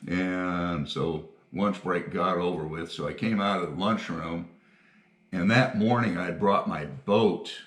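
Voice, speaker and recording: An older retired firefighter telling stories in a casual interview, folksy and quick to laugh. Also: male voice, low voice, reverberant.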